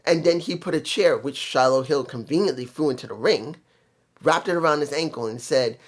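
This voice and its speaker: A man talking through a wrestling episode on his own, casual and opinionated. His voice sits a little high for a man, and he stops to hunt for words and restart his sentences as he goes. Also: brisk. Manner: opinionated, thinking aloud with fillers and restarts. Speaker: wrestling show reviewer. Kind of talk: casual solo commentary.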